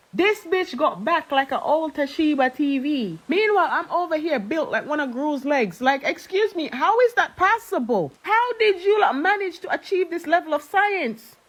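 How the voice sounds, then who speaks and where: Brash high-voiced woman ranting. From Jamaica. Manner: brash, profane, exaggerated comparisons. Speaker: reaction creator. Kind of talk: comedic rant.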